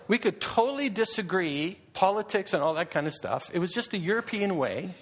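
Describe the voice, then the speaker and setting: A man giving a public talk to an audience, animated, full of rhetorical questions and restarts. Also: sits high, a little fast. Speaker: speaker addressing an audience.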